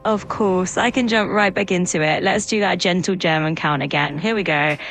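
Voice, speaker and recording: A woman's voice: on the low side, fairly even intonation, moderate pace, a bit bright, faint music behind. A woman's voice as an AI assistant, upbeat and agreeable, always promising to go on but stalling and repeating herself. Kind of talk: synthetic assistant chat.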